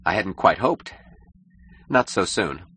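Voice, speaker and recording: A man's voice: deep voice, expressive, takes it slowly, a bit bright, a little hiss or hum, heavily acted. A man voicing an ambitious young male architect who talks eagerly and stammers when flustered in an audiobook.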